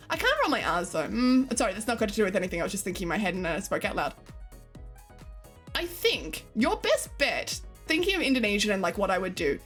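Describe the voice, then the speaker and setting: Giggly Australian woman chatting to her stream. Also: on the high side. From Queensland, Australia. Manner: giggly, chatty, talks to chat. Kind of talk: casual chat with live chat.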